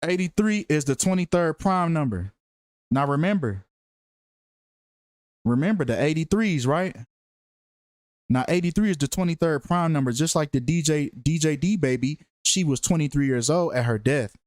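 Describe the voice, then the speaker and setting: A man's voice: on the high side, expressive, moderate pace, darkish tone, no room sound, clean studio sound. A man giving a casual, profane commentary monologue, slangy and emphatic, repeating phrases for effect. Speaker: true-crime numerology commentator.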